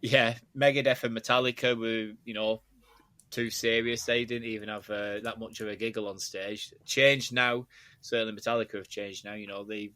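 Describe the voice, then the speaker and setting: A man's voice: fairly low pitch, flat delivery, normal speed, bright, forceful tone, no room sound. A man hosting a podcast, chatty and teasing, rambling in casual conversation. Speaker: podcast host. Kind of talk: casual chat.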